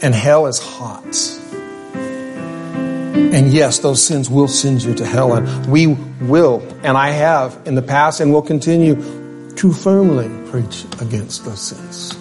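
A man's voice: medium pitch, slow pace, loud music behind the voice. A male pastor giving a sermon in a conversational way, with asides and restarts.

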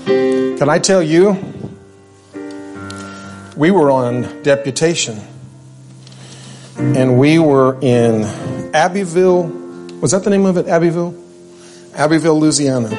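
A male pastor giving a sermon in a conversational way, with asides and restarts. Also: medium pitch.

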